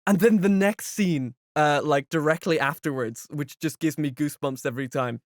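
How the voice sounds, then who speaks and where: A man co-hosting a podcast in casual chat, telling stories in an animated way full of fillers. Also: fairly high pitch, moderate pace, dry recording, studio quality. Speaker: podcast co-host.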